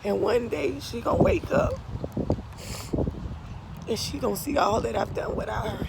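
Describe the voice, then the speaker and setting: A tearful middle-aged woman pours out an impassioned, profane testimony to her viewers, her gravelly voice swinging widely up and down. Steady vehicle noise hums clearly behind her. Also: on the high side, normal speed. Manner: impassioned, profane, repeatedly addresses viewers as y'all. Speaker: vlogger.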